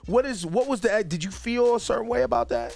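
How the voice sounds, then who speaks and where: A man's voice: very high-pitched, a little fast, vocal fry. A man hosting a radio morning show, teasing and joking in casual banter with a guest. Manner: playful, teasing, animated.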